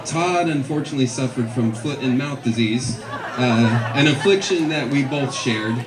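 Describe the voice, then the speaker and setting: A man's voice: mid-range voice, moderate pace. A man giving a eulogy at a memorial, speaking with wry, joking humor. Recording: echoey hall with crowd.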